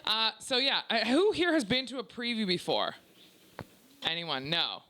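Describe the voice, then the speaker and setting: A brash young woman with a Canadian accent doing stand-up in a small club. Her voice is bright and punchy, and she delivers crude jokes loudly while ribbing the audience. The set sounds loose and unpolished, like a work-in-progress preview. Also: fairly high pitch, sing-song, moderate pace. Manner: loud, brash and profane, teasing the crowd. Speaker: stand-up comedian. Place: small comedy club before a live audience.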